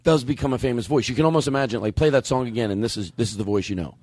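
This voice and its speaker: A man hosting a comedy podcast in casual chat, his voice hoarse, joking and swearing. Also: medium pitch, racing, no room sound, studio quality. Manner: joking, animated, swears a lot. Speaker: podcast host.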